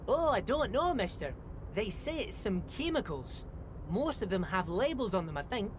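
An actor with an Irish-like accent playing a friendly, chatty young dockworker in a video game. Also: male voice, high-pitched, big pitch swings, moderate pace, background noise. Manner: friendly, earnest, calls people mister. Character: cheerful young male dockworker, eager and chatty.

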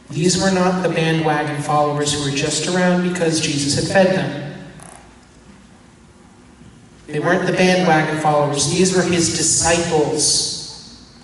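Priest teaching a parish crowd, kinda high voice, far off mic in a big echoey church. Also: male voice, slight background noise. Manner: animated storyteller acting out voices of disciples.

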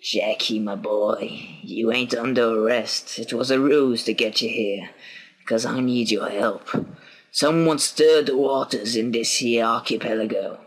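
A man voicing an older male pirate, a weary father, speaking slowly and ruefully. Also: mid-range voice, natural voice, low-quality recording.

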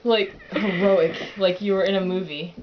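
A woman jokes around in casual home video banter, coaxing and giggly, with "like" and "yo" in nearly every sentence. Her middle-pitched voice comes through a dull, lo-fi camcorder recording. A faint hiss sits behind her. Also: steady tone, normal speed. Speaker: sibling filming at home.

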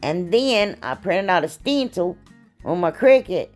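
A woman's voice: on the low side, lively intonation, measured pace, soft background music. A woman hosting a casual crafting tutorial, chatty and folksy, her voice a little froggy from allergies. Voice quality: chatty, folksy, many "anyway"s and "y'all"s. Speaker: craft channel host.

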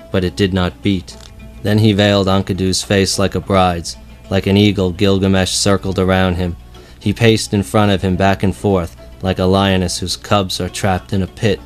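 A man with a very low voice reads an ancient epic in a slow, solemn audiobook style. His delivery stays level and even, with little rise and fall. Soft music plays faintly under him. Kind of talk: scripted audiobook narration of an epic. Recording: faint music bed behind.

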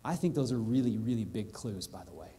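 A male pastor preaching a sermon in a church, earnest and heartfelt, building to excited emphasis. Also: fairly low pitch, fairly quick, slightly rough. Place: church sanctuary.

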